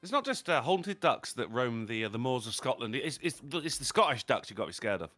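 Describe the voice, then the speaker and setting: Bright, joking male stream co-host. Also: mid-range voice, sing-song, a little fast, no echo, faint music behind. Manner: joking, teasing banter. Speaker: podcast co-host. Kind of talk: casual live-stream chat.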